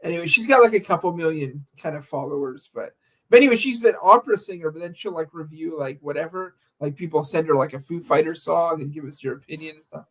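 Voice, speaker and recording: A man with a high voice rambles through casual podcast chat. He strings his thoughts together with a lot of likes and anyways. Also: fast, fairly bright tone, rough recording.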